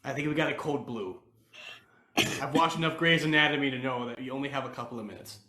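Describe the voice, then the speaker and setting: A man's voice: medium pitch, fast, bright, forceful tone, roomy sound. A man hosting a live stream, chatting casually in a joking, sarcastic way. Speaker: livestream host. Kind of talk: casual chat.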